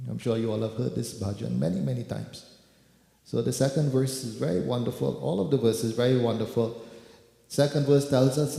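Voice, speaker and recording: A man's voice: medium pitch, moderate pace, vocal fry, mellow. A man preaching a sermon, addressing listeners as devotees and repeating words for emphasis. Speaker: preacher leading kirtan. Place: temple hall. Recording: echoey hall with music.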